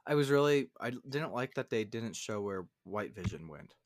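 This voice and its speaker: A man co-hosting a podcast in casual chat, animated and rising to loud, high complaints when annoyed. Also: moderate pace, no echo, studio quality. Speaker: podcast co-host.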